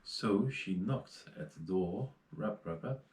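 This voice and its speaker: Dutch guy reading a fairy tale in english, deep mellow voice, slow, some slips. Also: expressive, roomy sound, low-quality recording. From Netherlands. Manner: plain reading with small slips and restarts. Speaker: reader.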